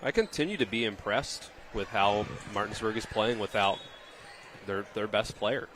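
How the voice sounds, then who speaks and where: A man giving relaxed, thoughtful color commentary on a volleyball match. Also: lowish voice, moderate pace, background noise. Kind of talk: sports analysis.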